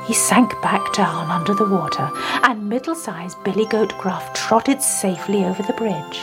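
A woman reading a children's story aloud in an expressive storytelling voice. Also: medium pitch.

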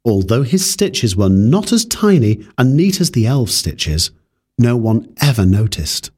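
A man reading a fairy tale aloud in a calm, measured way. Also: mid-range voice, breathy edge. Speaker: storyteller.

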